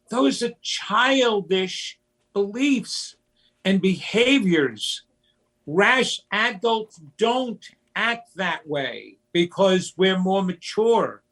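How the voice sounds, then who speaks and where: A man talking as a guest in an interview, slow and emphatic, sometimes acting out childish voices. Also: high voice, animated, a bit bright. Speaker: psychic medium guest. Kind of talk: conversational interview.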